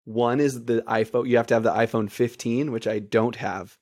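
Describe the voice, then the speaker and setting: A man's voice: medium pitch, steady tone, normal speed, darkish tone, no room sound, clean studio sound. A man in his thirties, podcast co-host, talking in casual chat with eager, persuasive enthusiasm.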